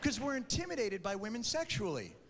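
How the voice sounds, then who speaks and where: Animated male comedian in a live hall. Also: sits high. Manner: animated, acts out characters in quick put-on voices. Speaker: stand-up comedian. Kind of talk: stand-up comedy routine. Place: large theater before a live audience. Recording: live stage recording in a reverberant hall with crowd noise.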